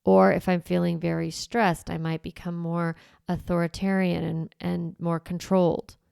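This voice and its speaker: Middle-aged mom coaching parents, lowish smooth voice, dry close sound, chatty and thinking out loud. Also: female voice, little pitch movement, moderate pace, no room sound. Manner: conversational, reflective, self-correcting. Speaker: parenting coach and podcast host. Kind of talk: casual teaching monologue.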